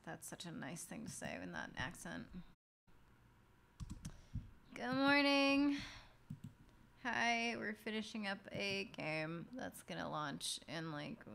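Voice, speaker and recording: A woman's voice: fairly low pitch, creaky, fairly bright tone. Tired, swearing woman streamer. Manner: swearing, rambling, laughing at herself. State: very tired, drowsy. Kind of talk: casual live-stream chat while working. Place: home desk at night. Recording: faint background noise.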